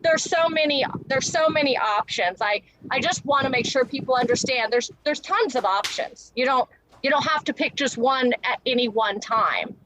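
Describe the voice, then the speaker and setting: A woman guest on a live interview, talking casually and quickly about her product, with many fillers and restarts. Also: sits high, fairly bright tone, a little hiss or hum, rough recording. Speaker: guest entrepreneur.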